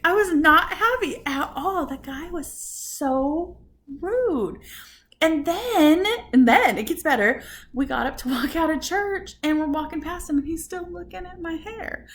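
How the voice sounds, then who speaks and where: A woman's voice: high voice, normal speed. Indignant woman vlogger telling a story. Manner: animated, indignant, laughs often. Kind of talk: casual storytelling while doing her hair. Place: at home after a shower. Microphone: camera at close range.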